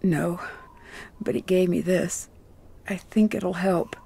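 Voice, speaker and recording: A woman's voice: fairly low pitch, fairly even intonation, takes it slowly, creaky, mellow, husky, dry recording, exaggerated voice. An actress voicing a frightened young woman in a video game, a minister's daughter who speaks urgently and anxiously.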